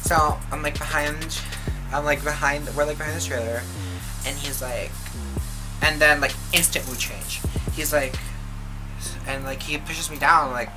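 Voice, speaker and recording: Young woman vlogger, deep-ish voice, says like every other word, swears a lot, music in the background. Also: fairly even intonation, normal speed, long pauses, low-quality recording. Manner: chatty, filler-heavy, profane. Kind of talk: casual storytime. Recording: music playing behind the voice.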